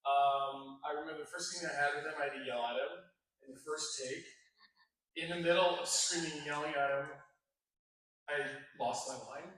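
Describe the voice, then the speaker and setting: A man's voice: on the high side, normal speed, fairly bright tone. A man on a convention panel telling anecdotes in a laughing, self-deprecating way. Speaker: panel guest actor. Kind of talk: anecdotal storytelling. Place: large convention hall. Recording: echoey hall, taped from far off.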